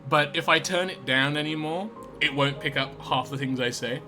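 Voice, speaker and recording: A man livestreaming a video game, excitable and profane, on a desk microphone that sometimes peaks. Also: a little high, normal speed, over music. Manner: excitable, swearing, laughing asides. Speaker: streamer. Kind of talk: live game commentary.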